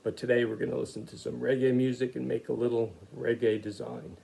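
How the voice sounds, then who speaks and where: A man teaching an online art lesson to children, talking in a relaxed, chatty way with lots of fillers. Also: mid-range voice, fairly quick, vocal fry, a little hiss or hum. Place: home studio, hot room. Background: reggae music playing.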